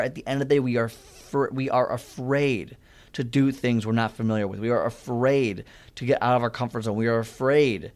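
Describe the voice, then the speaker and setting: A man's voice: medium pitch, darkish tone. Earnest man giving a motivational talk. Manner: earnest, conversational storytelling. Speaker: fitness motivational speaker.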